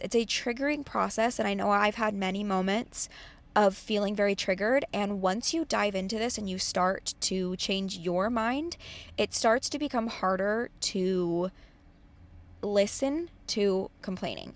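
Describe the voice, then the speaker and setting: Woman, young adult, casual motivational talk, earnest, chatty, mid-pitched voice. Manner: chatty, earnest, acts out her own complaining thoughts. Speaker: host of self-help channel.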